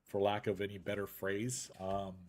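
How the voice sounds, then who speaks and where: A man's voice: fairly low pitch, normal speed, a little hiss or hum. A man hosting a casual live chat show over a video call, joking and rambling, sounding a little congested. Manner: lively, jokey, rambling. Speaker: podcast host.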